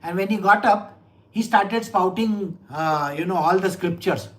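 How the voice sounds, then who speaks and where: A man, a spiritual teacher giving an animated scripture lecture full of rhetorical questions. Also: sits high, unhurried, rough recording.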